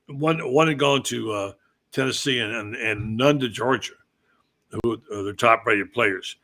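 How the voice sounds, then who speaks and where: A man's voice: mid-range voice, pushed and bright. A man hosting a casual sports talk podcast, rambling in a conversational, storytelling way. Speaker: podcast host.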